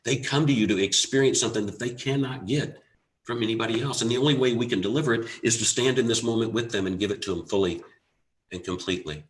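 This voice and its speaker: A man giving a motivational talk, telling a personal story earnestly with dramatic pauses and rising emphasis. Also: mid-range voice. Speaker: motivational speaker. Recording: echoey room.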